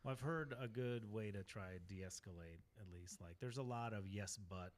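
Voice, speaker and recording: A man's voice: on the low side, moderate pace. A man co-hosting a casual podcast, thinking aloud and often restarting his sentences. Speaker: podcast co-host. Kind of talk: casual chat.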